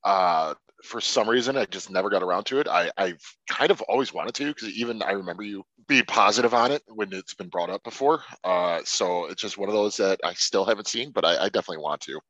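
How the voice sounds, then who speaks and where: A man's voice: brisk, few pauses, dry recording. A man in a casual podcast chat about movies, talking animatedly and swearing freely. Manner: animated, swearing, mimics people in sudden high voices. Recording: dull lo-fi sound.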